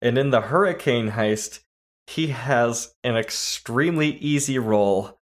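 A man's voice: mid-range voice, measured pace. A man hosting a casual movie podcast, talkative and laughing easily as he chats. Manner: talkative, laughs while talking. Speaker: podcast host.

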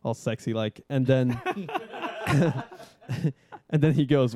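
A man's voice: mid-range voice, lively intonation, slow, mellow. A young man telling stories in casual podcast chat, laid-back, swearing often, with many fillers. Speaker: guest skydiver.

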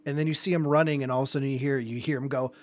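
A man's voice: mid-range voice, racing, dry recording. A man, a podcast co-host, recounting vivid gaming stories in casual chat and laughing often. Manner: vivid, expressive storyteller who laughs often.

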